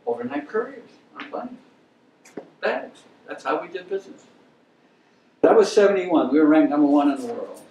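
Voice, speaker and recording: A man's voice: sits high, animated, moderate pace, gravelly, pauses often, warm tone, highs cut off. Older man lecturing in a roomy hall. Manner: emphatic storytelling, blunt and opinionated. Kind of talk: anecdotal lecture. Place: lecture room. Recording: roomy, distant mic with faint hiss.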